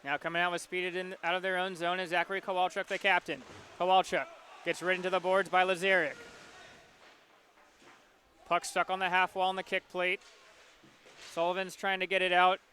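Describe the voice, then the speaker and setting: A man calling live hockey play-by-play, following the puck in quick, rhythmic bursts. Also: sits high, level tone, pushed and bright, slight background noise. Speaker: play-by-play announcer.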